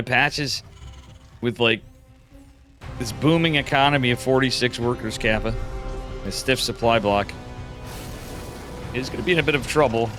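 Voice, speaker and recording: A tired man with a medium-pitched voice, yawning, provides casual solo live commentary on an esports match. He stays chatty and laid-back but gets louder and quicker when fights break out.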